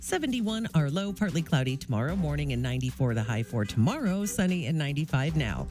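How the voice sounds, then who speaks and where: A woman's voice: deep voice, big pitch swings, fast talker, darkish tone, soft background music. A woman reading radio traffic and weather and bantering in a bubbly way at a studio microphone. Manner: bubbly, laughing often.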